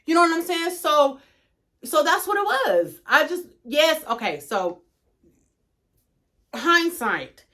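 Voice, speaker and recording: A woman co-hosting a mother-daughter chat show, sarcastic and animated, often talking over her daughter. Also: high voice, takes it slowly, long pauses. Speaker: podcast co-host, mother. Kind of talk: casual chat.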